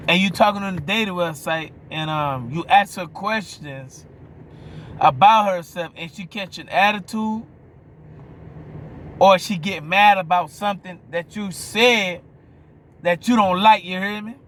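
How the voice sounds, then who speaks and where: A man's voice: high-pitched, unhurried, fairly bright tone, slight background noise. A man with a New Orleans accent giving a blunt, profane opinion monologue, often stopping to ask if you hear him. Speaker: vlogger.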